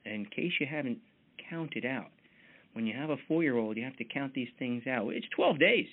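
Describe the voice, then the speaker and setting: A man's voice: mid-range voice, moderate pace. A man leading a motivational team mentoring call in a folksy, chatty manner, full of fillers, heard over tinny call audio.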